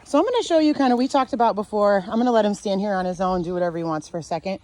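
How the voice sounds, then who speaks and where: A woman dog trainer teaching outdoors, calm and sure as she explains leash handling. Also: medium pitch, racing. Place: outdoors near a fenced dog area.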